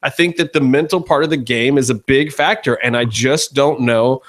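A man's voice: medium pitch, moderate pace. A man co-hosting a casual podcast, rambling and opinionated with a joking manner. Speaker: podcast co-host. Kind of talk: casual chat.

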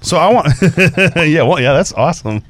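A man's voice: on the high side, animated, normal speed, no room sound. A man hosting a podcast, asking his guests questions in an upbeat, casual way. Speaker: podcast host. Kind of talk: casual chat.

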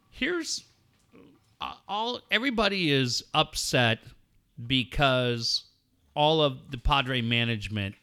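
A man hosting a sports talk radio show, ranting loudly and bluntly with lots of swearing and mocking asides. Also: mid-range voice. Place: radio studio.

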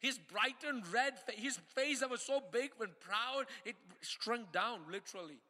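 A pastor from India preaches to his congregation in a very high, strikingly bright voice. He stumbles and repeats words, then drives his points home with insistent questions. The hall gives his voice a long, ringing reverb. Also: moderate pace. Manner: repeats words and restarts while preaching, rising to emphatic calls. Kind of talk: sermon. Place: church hall.

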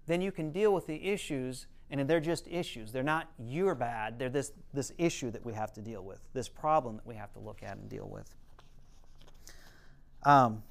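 A man's voice: mid-range voice, normal speed, gravelly. A man, a counselor, giving a conversational teaching talk, explaining earnestly and telling stories to make his points.

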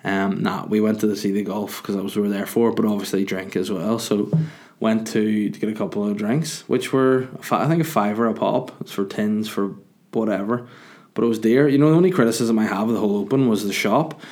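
A young man tells a rambling story to camera, poking fun at himself along the way. His voice sits a touch low and his delivery stays loose and chatty. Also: steady tone, a little fast, darkish tone. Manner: rambling, jokey, self-mocking. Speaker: vlogger. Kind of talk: casual storytelling.

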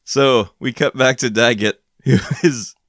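A man's voice: mid-range voice, measured pace, fairly bright tone, no echo, studio quality. A man co-hosting a podcast, casually recapping a cartoon, laughing often and acting out characters in silly voices. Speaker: podcast co-host.

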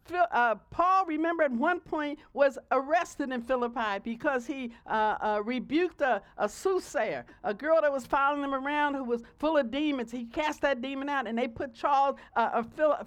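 A woman preacher delivering a conversational, playful sermon to her congregation, often checking in with "okay?" asides. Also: high voice.

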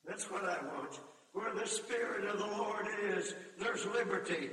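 An older preacher with a very high, bright, ringing voice, heard from a distance in an echoing hall with a long reverb. He tells his story with feeling, slips into singing hymn lines and rises to shouted appeals. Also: unhurried. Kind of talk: camp meeting sermon. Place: large meeting hall or tabernacle. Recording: echoey hall, voice from far off.

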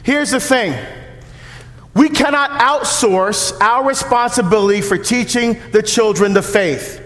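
A male deacon preaches in a high, bright-edged voice. His delivery is animated and punchy, with shouts for emphasis. The sound booms around a large church with a long, ringing reverb. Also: a little slow. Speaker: deacon giving a parish mission. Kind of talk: sermon.

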